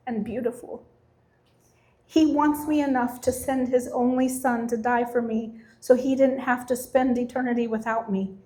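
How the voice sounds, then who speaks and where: A middle-aged woman giving an earnest personal faith testimony, reading scripture with slow emphasis. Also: fairly high pitch, darkish tone. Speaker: testimony speaker.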